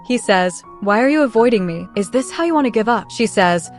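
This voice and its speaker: A woman narrating a drama recap, retelling the plot in a plain, steady way and reading the characters' lines lightly. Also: mid-range voice, fairly quick, few pauses, soft background music. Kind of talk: scripted narration.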